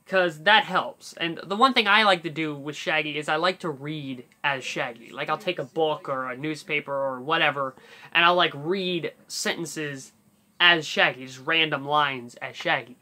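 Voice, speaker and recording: A man's voice: a little high, moderate pace, sharp tone. A man hosting a casual voice-impression tutorial, talking in a rambling way with fillers and restarts. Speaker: YouTube voice tutorial host.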